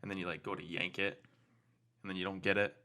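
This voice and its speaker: A young man co-hosting a podcast, chiming in with quick, short comments in casual chat. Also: low voice, little pitch movement, pushed and bright. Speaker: podcast co-host.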